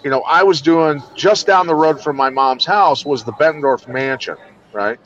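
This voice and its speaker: A man's voice: on the high side, normal speed, a bit bright, slight background noise. A middle-aged man from Iowa, a combat and law enforcement trainer, speaking bluntly and with plenty of swearing in a casual podcast chat. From Iowa, USA. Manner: blunt, profane, emphatic. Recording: dull lo-fi sound.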